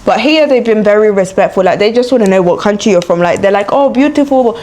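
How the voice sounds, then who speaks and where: A woman's voice: mid-range voice, fast talker, darkish tone. A young woman with a London accent chatting frankly through a get-ready-with-me vlog, filling her talk with "like" and "you know". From London, England. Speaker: beauty and travel vlogger. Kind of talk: get-ready-with-me casual chat. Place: indoors while travelling.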